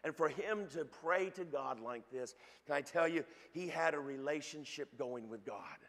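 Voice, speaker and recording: A pastor preaching a sermon with fervent energy, often stumbling into repeated restarts. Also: male voice, a little high, moderate pace, a bit bright, long reverb tail. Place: church sanctuary.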